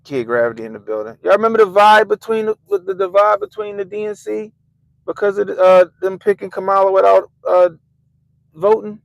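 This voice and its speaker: Gravelly man ranting. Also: high voice, big pitch swings, brisk, dry recording, low-quality recording. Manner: swears constantly, swings between loud outbursts and mutters. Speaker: livestream host. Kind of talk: profane casual rant. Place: Baltimore.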